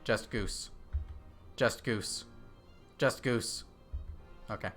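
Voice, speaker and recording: A man's voice: on the low side, drawn-out words, fairly bright tone, soft background music. Chatty male game streamer thinking aloud. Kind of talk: casual live-stream chat while gaming. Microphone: desk microphone.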